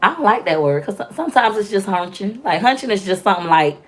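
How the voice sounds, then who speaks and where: A young woman chatting loudly and talkatively with viewers on a casual live stream, telling stories with playful, animated quoted voices. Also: mid-range voice, fast talker. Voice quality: loud, talkative. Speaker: livestream host.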